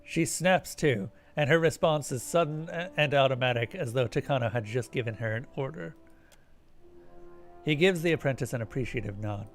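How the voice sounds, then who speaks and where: Streamer, male, reads game dialogue and narration aloud with relaxed offhand comments. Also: mid-range voice, moderate pace, soft background music. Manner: narrates descriptively, then casual asides.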